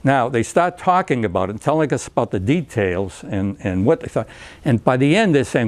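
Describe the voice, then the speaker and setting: A man's voice: medium pitch, expressive, moderate pace, a little mellow. An older man giving a chatty talk, full of fillers and restarts, acting out dialogue and chuckling between points. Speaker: speaker giving a talk on recovery therapy. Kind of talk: anecdotal lecture to a group. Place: lecture room.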